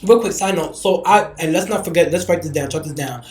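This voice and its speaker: A man hosting a podcast, telling stories in a casual, animated, profane way. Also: a little high, a little fast, reverberant. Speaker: podcast host. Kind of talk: casual chat.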